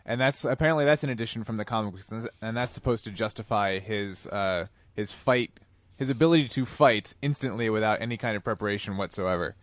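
Low-pitched male co-host, measured and trivia-minded, dry close sound. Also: no room sound. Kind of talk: casual movie commentary chat.

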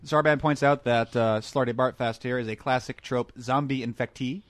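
A man in a casual movie chat, animated, joking and blunt. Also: medium pitch, normal speed, dry recording.

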